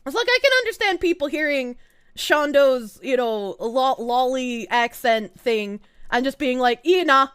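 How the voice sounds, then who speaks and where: A woman with a gruff, grating Boston accent talks in a high voice that leaps all over the place. She chats bluntly on a live stream, swearing freely and laughing often. The sound is close and dry. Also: animated, unhurried, fairly bright tone, no room sound. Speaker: VTuber streamer. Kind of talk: casual live-stream chat.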